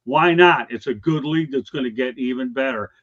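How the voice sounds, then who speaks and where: A man's voice: mid-range voice, a little fast, fairly bright tone, lo-fi sound. A man hosting a sports talk show, casual and emphatic, pushing his opinions hard. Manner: emphatic, opinionated, keeps saying okay.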